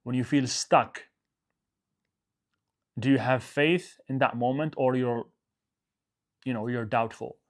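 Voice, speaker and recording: A man's voice: mid-range voice, steady tone, takes it slowly, pauses often. A male coach giving a motivational talk to his audience, emphatic, repeating his phrases and often checking in with "okay?".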